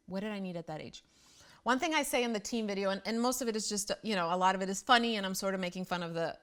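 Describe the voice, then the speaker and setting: A middle-aged woman hosting a parenting show, talking casually and bluntly straight to the camera, quick to poke fun at herself. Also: medium pitch, a bit bright. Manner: blunt, self-deprecating, chatty. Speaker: parenting host.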